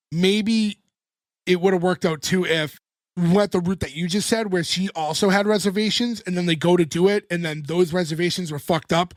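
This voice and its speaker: High-voiced man chatting on a podcast. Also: no echo. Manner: animated, swearing, laughing often. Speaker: podcast co-host. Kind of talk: casual chat recapping a sitcom episode.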